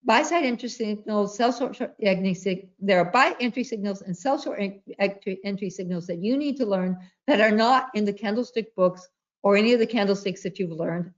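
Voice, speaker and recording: A woman trading educator giving an emphatic webinar presentation, repeating her key points and telling stories. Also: mid-range voice. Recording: dull lo-fi webinar audio.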